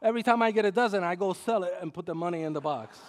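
A middle-aged man from Puerto Rico, a pastor preaching a sermon with humorous storytelling, swinging between loud and soft as he acts out quotes. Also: high voice, rapid-fire, a little hiss or hum.

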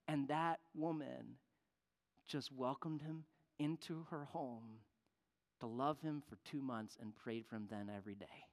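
A man preaching a sermon, telling a story with animated voices for the people in it. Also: mid-range voice, a little slow. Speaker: pastor. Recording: long hall reverb.

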